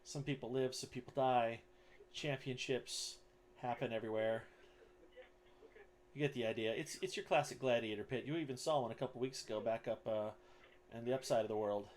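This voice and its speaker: A man's voice: medium pitch, fairly quick, a little mellow. A man narrating as game master of a tabletop game, laid-back with lots of ums and uhs.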